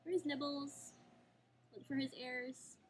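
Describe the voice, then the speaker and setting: A high-voiced woman teacher reads to little children in an unhurried, gentle way, often stopping to ask them questions. Faint background noise sits behind her. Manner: gentle, animated, lots of questions to kids. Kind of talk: reading aloud to young children.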